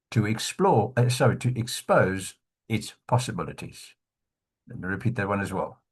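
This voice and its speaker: A man speaking at an online bootcamp, delivering a motivational talk and slowly repeating his key phrases for emphasis. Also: on the low side, big pitch swings, a little mellow, husky. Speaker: conference speaker. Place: online event session.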